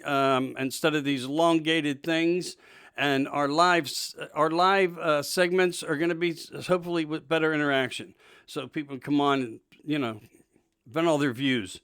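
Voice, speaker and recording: A man's voice: on the high side, a bit bright, smooth. A male host giving an emphatic, indignant political monologue, repeating himself for emphasis. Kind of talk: political talk show monologue.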